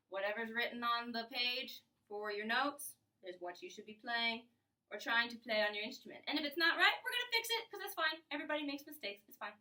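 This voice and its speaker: Young female string teacher, upbeat and playful, bright tone, recorded from a distance. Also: high-pitched. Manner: upbeat, playful, talks to kids. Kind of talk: casual video lesson.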